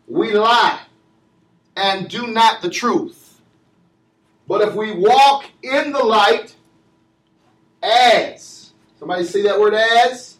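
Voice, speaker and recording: Man preaching, high voice, call-and-response, shouts and low asides, echoey church, far from mic. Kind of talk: sermon.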